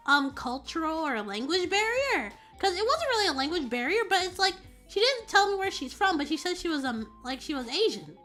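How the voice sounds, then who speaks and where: A woman streamer chatting casually and telling a story in an animated, rambling way. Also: very high voice. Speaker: VTuber streamer.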